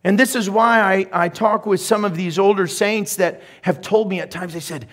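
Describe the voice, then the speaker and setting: A man's voice: high-pitched, moderate pace, few pauses, a bit bright. A middle-aged male pastor preaching a sermon in a conversational way, with laughing asides and growing emphasis.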